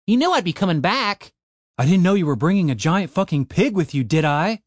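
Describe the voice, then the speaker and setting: A man's voice: high voice, lively intonation, a little fast, no echo, studio quality, voice pushed up. A man voicing an exasperated, bossy young male adventurer who swears and snaps.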